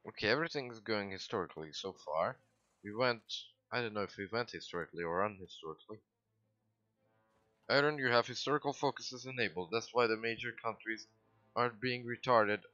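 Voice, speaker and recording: Excitable swearing man streaming a game. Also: fairly low pitch, brisk, no room sound, highs cut off. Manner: excitable, swears, sudden loud outbursts. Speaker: gaming livestreamer. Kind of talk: casual gameplay commentary.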